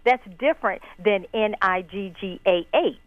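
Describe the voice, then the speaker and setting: A woman's voice: medium pitch, moderate pace, no room sound. A woman calling in to a radio talk show, talking in a hesitant way and searching for her words. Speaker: caller. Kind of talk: radio call-in discussion. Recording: tinny phone line.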